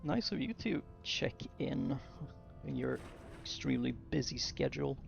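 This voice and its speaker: A man's voice: mid-range voice, lively intonation, moderate pace, creaky, muffled recording, faint music behind. A young man who streams games, muttering to himself while he builds and chatting casually with his viewers. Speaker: game streamer. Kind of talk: casual gameplay commentary to chat.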